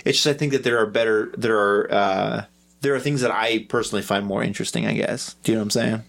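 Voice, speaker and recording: A man's voice: on the low side, fairly even intonation, fast, vocal fry, a bit bright. A man co-hosting a podcast, talking through his thoughts in a rambling, hesitant, self-deprecating way. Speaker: podcast co-host. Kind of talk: casual podcast discussion.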